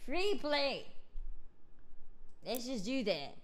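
A woman's voice: high-pitched, big pitch swings, drawn-out words, full character voice. A woman streamer voicing a laid-back, boastful bearded guy who rambles, swears casually and laughs at himself while gaming. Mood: goofy. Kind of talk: live game stream in character.

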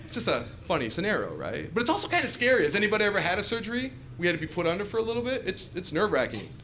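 A man in his forties doing an animated stand-up comedy set on a club stage, telling stories and jumping into shouted asides, with audience laughter in the recording. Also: high voice, racing, a little hiss or hum.

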